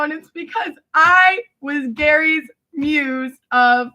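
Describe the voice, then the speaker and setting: A woman talking to friends in a rambling, animated monologue, laughing often and swearing casually. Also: high-pitched, unhurried, few pauses. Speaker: vlogger addressing family friends.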